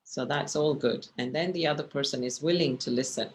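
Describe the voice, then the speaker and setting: A woman with a deep voice speaks briskly, with slight background noise, as she teaches a communication class over video call. Her online lecture with slides is conversational, and she often checks in with her listeners.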